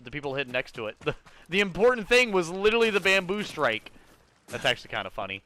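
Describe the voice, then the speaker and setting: Young guy streaming a game, excitable, swears a lot, bright punchy voice that bounces all over. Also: a little high, fast. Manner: excitable, swears often, talks to chat. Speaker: streamer playing a video game. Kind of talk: casual live-stream commentary.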